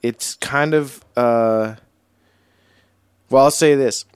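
A man from New England speaks as a guest on a podcast, in a halting way with frequent restarts. He has a middle pitch, and the studio sound is very dry, with no room echo. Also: clean tone. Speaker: guest musician. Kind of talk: casual chat. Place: recording studio.

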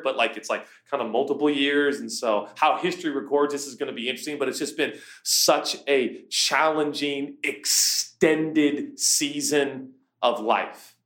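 A man in his forties preaches with a high, lively voice. He tells a story and acts out his own cries and complaints along the way. The sound comes back off the walls of a roomy, echoey space. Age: 40s. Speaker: pastor. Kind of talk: sermon.

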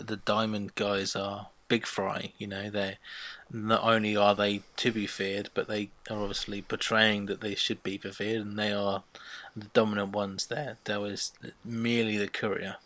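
A man's voice: fairly low pitch, level tone, moderate pace, hardly any pauses, pushed and bright. A man co-hosting a podcast, chatting bluntly and opinionatedly about a sitcom. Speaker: podcast co-host reviewing a sitcom. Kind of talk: casual chat.

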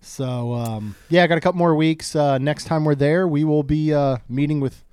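A man's voice: fairly high pitch, moderate pace, a little mellow, clear, resonant tone, no room sound. A man co-hosting a casual podcast, trading dry, joking banter. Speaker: podcast co-host. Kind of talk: casual chat.

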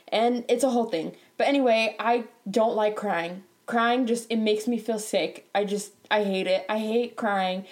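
A young woman recounting a frustrating day at work in a chatty storytime vlog. She sounds animated and exasperated, laughs often, and her voice jumps up in pitch whenever she gets worked up. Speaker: bank teller telling a work story. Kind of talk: storytime vlog, casual chat.

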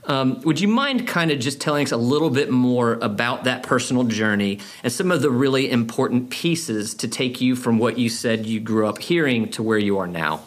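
Mid-pitched male host, easygoing. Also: animated, normal speed, hardly any pauses. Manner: laughs easily, hesitant fillers. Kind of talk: conversational interview.

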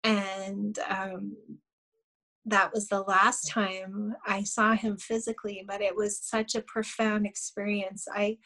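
A woman's voice: medium pitch, little pitch movement, takes it slowly, sharp tone, rough recording. A middle-aged woman, a guest on a podcast, earnestly telling a personal story with many fillers and small laughs. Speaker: guest, shamanic healer.

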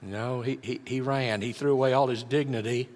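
A man's voice: medium pitch, steady tone, normal speed, a little mellow. Preaching man in an echoey hall. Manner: dramatic, shifts volume for emphasis. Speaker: pastor. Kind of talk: sermon.

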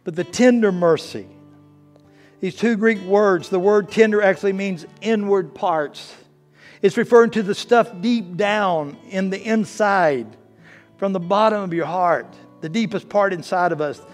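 A man preaching a sermon as pastor, swinging from hushed, slow lines to loud, fervent ones. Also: high-pitched. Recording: faint guitar music behind. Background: soft guitar playing.

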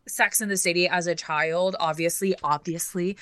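A woman co-hosting a podcast, telling stories in a casual, animated way and swearing often. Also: medium pitch, normal speed, hardly any pauses, dry recording. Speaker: podcast co-host. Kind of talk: casual chat.

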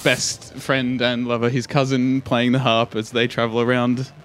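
A man's voice: mid-range voice, level tone, moderate pace, faint music behind. A man in a casual quiz, making up silly answers in a playful way. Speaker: quiz contestant. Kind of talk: casual quiz game chat.

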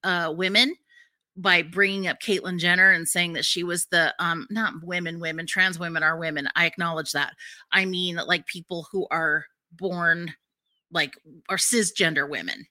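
A woman's voice: lowish voice, steady tone, normal speed, dry recording. A middle-aged woman co-hosting a casual talk show, telling a story animatedly and acting out what people said. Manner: acts out quotes, bursts into shouting.

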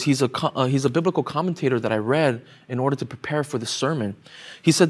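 A man's voice: medium pitch, quick pace, husky. A young adult male pastor preaching a sermon, explaining scripture and building to impassioned pleading.

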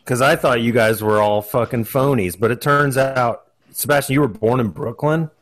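A man's voice: mid-range voice, moderate pace. A man hosting a podcast in casual chat, joking and sarcastic, swearing freely. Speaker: podcast host.

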